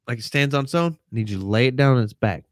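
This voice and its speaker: A man's voice: medium pitch, lively intonation, racing, no echo, studio quality. A man co-hosting a casual, crude podcast, telling rowdy stories and acting out what other people said. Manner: rowdy storyteller, acts out others' lines. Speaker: podcast co-host.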